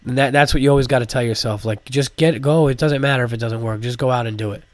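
A man's voice: mid-range voice, fast talker, no echo. Profane, congested male comedian podcaster. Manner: animated, profane, rambling with fillers. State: congested from a cold. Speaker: podcast host, stand-up comedian. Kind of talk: casual solo podcast monologue.

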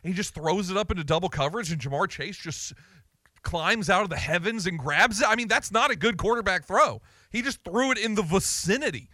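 A man hosting an afternoon sports talk radio show, excitable and blunt, taking calls. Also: high voice, fairly quick, no room sound.

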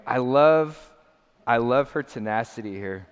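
Pastor, male, earnest emphatic sermon delivery, mid-pitched voice, long church-hall reverb. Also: moderate pace, clean tone. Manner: earnest, emphatic preaching with repeated phrases.

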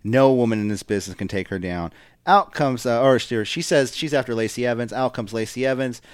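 A man's voice: medium pitch, fairly quick, smooth, dry recording, studio quality. A young man co-hosting a casual podcast, rambling through a wrestling recap with lots of fillers. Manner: chatty, rambling, mimics wrestlers in quotes. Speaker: podcast co-host.

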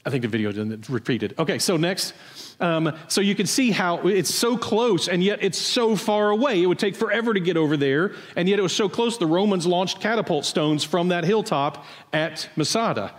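A man's voice: sits high, lively intonation, moderate pace, in a large hall. A man preaching a sermon, explaining a passage in a conversational way and asking his listeners pointed questions. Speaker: pastor. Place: church sanctuary.

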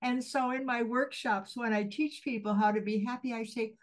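A woman's voice: on the high side, normal speed, few pauses, poor audio. An older woman hosting an interview podcast, telling stories with enthusiasm. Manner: enthusiastic storytelling. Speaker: podcast host. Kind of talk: interview conversation.

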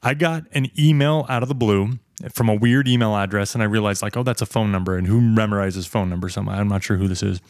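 Male podcast co-host, mid-pitched, rambling anecdotes, dry close room. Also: fairly even intonation, quick pace, a little mellow, no room sound. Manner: rambling storyteller, self-correcting. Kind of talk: casual chat.

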